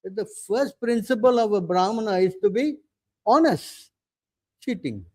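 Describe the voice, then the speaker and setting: A man's voice: high voice, expressive, measured pace, a little mellow, dry recording. A man giving a scripture class as a preacher, insistent and hammering points home, constantly asking his listeners questions and demanding they listen. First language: English. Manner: insistent, repeatedly demanding attention.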